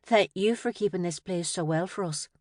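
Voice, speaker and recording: A woman's voice: lowish voice, moderate pace, darkish tone, no echo, studio quality, lightly acted. A woman voicing a cheerful mother who works as an agent, speaking with a Northern English accent and rounded vowels. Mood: friendly.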